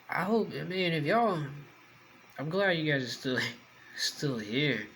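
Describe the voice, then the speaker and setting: A man's voice: fairly high pitch, animated, slow pace, a bit bright, slight background noise, poor audio. A young man, chatting casually to the camera while he eats, rambling and talking with food in his mouth. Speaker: mukbang vlogger.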